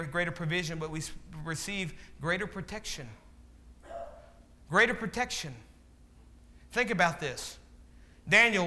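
His voice sits high, bright and forceful as the pastor delivers a sermon, posing questions for the congregation to answer and acting out the characters he quotes. The recording carries a long hall reverb.

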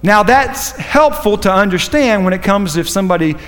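Male preacher, sermon, high-pitched, fervent, repetitive, long church reverb. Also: animated, normal speed, fairly bright tone. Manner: fervent, repetitive, rambling asides.

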